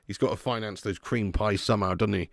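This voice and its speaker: A man hosting a live match watch-along, chatting excitedly with viewers and calling them mate and lad. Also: on the low side, fairly quick, creaky, no echo, studio quality. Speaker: fan channel host doing a live match watch-along. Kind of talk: casual live-stream commentary and chat.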